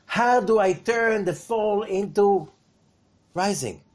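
Speaking slowly in a high voice, a man gives an animated Torah lesson. He asks rhetorical questions and shifts between loud emphasis and hushed remarks.

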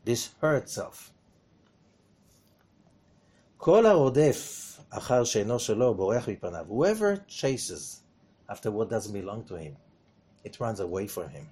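With a fairly low, slightly rough voice, a man gives a lively Torah lesson at normal speed, leaving long pauses. He asks rhetorical questions and alternates between loud emphasis and hushed comments.

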